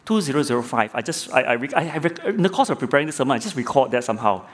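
A middle-aged male lay preacher delivering a sermon, neither high nor low in pitch. He builds his point through a courtroom story and rhetorical questions. He often stumbles and repeats a word as he starts a new phrase. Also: lively intonation, rapid-fire. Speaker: lay preacher, former judge.

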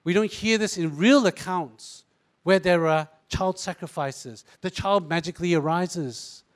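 A man's voice: high voice, measured pace. Singaporean man preaching a sermon. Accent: Singaporean English. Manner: animated, mimics voices in asides. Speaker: pastor.

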